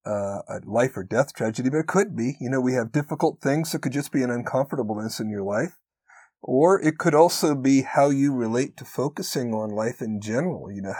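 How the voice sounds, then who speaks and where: A man co-hosts a conversational podcast in an earnest, encouraging manner. His pitch sits in the middle, and he slows down to stress his key points. The recording is close and dry. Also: darkish tone, no echo. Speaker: podcast co-host.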